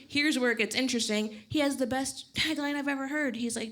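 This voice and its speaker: High-voiced deadpan woman comic. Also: brisk, few pauses. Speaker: stand-up comedian. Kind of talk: stand-up routine. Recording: stage mic with loud room noise.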